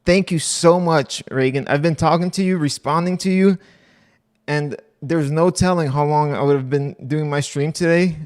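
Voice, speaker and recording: A man's voice: a little high, normal speed, a little mellow, clean tone. A man hosting a casual livestream, chatting to viewers in a rambling way and laughing often. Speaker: livestream host.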